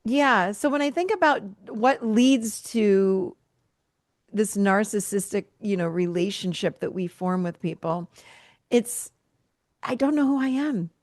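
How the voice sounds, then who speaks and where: A woman's voice: mid-range voice, measured pace, no room sound, clean studio sound. A woman in her fifties, a therapist guest telling personal stories in a candid interview and acting out the dialogue. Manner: animated storyteller, acts out quoted dialogue.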